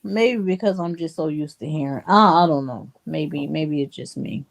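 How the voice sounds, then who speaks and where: A woman's voice: sits low, moderate pace, gravelly. A woman co-hosting a casual livestream chat, reassuring and hesitant, often restarting her sentences.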